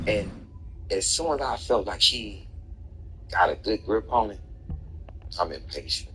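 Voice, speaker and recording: A man streaming gameplay, telling a personal story in an animated, profane way with bursts of laughter. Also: on the low side, measured pace, long pauses, a little hiss or hum, rough recording. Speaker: gaming streamer. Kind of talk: casual storytelling over gameplay.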